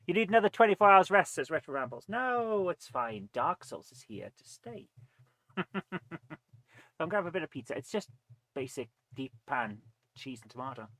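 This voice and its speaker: A man's voice: on the high side, very animated, moderate pace, fairly bright tone, no room sound. A man chatting casually on a live game stream, rambling, reading viewer comments aloud and eating between remarks. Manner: rambling, reads chat aloud, eats while talking.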